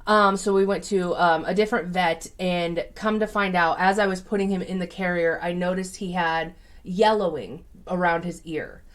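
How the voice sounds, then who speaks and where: A woman's voice: on the low side, normal speed, hardly any pauses. A woman who reads tarot as a psychic, telling a personal story in a casual, chatty way with many fillers.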